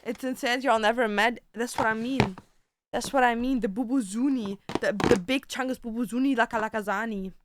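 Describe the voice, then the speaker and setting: A woman's voice: on the high side, noisy background. A woman streaming a casual chat from home, cooing sing-song baby talk at her cats and swearing casually between jokes. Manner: swears casually, drawn-out joking phrases.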